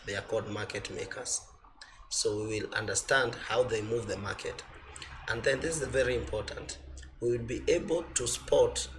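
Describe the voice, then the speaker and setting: A man teaching an online trading class, explaining slowly with repetition and fillers, his voice a little off from a cold. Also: lowish voice, slight background noise. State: voice slightly off from a cold. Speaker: forex trading instructor.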